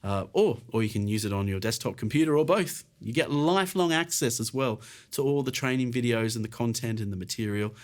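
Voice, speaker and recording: A man's voice: medium pitch, expressive, brisk, hardly any pauses. A British man teaching an online piano lesson, encouraging and casual, explaining while counting and playing along. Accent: British English. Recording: faint piano music behind.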